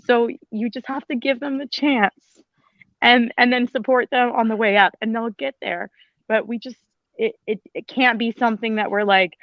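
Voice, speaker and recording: A woman's voice: mid-range voice, no echo, muffled recording. A woman, a former teacher, speaking on a panel in an emphatic, pleading, blunt way with some mild swearing. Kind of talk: impassioned panel talk.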